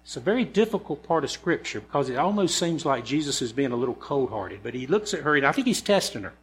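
A man preaching a sermon in a church, moving from relaxed storytelling to emphatic rhetorical questions. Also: medium pitch, quick pace, husky. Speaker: pastor. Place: church sanctuary. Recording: mains hum behind the voice.

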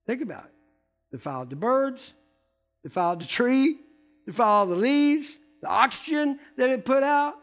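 An older man preaching a sermon, emphatic and repeating key words, swinging between loud stresses and hushed asides. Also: very high-pitched, expressive, normal speed, soft background music. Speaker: pastor.

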